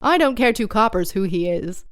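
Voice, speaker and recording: A woman voicing a crafty, hearty one-legged pirate landlord who talks loud and blusters, in a storybook reading. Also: medium pitch, lively intonation, moderate pace, no room sound, clean studio sound, close to an everyday voice. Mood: stern.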